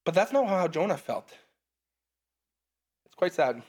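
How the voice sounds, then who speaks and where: A man preaching a casual sermon, reading scripture aloud and breaking off for relaxed, conversational asides. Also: fairly high pitch, measured pace, slightly rough.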